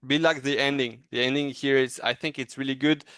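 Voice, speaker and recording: A man giving a casual, encouraging animation critique in a thoughtful, halting way. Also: mid-range voice, steady tone, fairly bright tone, no room sound. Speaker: animation reviewer.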